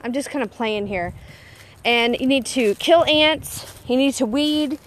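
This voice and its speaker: A woman's voice: high voice, unhurried, a little hiss or hum. A woman in her thirties chatting casually in a garden, giving a bossy, self-teasing pep talk while working outdoors on camera. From Texas. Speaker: homesteading vlogger.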